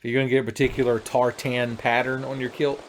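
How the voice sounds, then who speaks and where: A man's voice: mid-range voice, little pitch movement, fast talker, a little hiss or hum. A man from the United States, casually chatting and joking crudely with his chat while streaming a game. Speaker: livestreamer. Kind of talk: casual gaming livestream chat.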